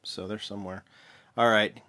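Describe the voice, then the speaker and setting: A man's voice: on the low side, fairly even intonation, moderate pace, sharp tone. A man hosting a casual show-and-tell vlog, talking in an offhand, mumbling way and often correcting himself. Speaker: vlog host, toy car collector.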